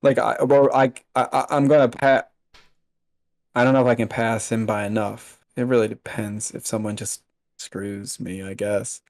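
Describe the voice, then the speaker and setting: A man's voice: medium pitch, little pitch movement, moderate pace, a little mellow, no echo. A man playing a board game, chatting casually and muttering to himself while counting.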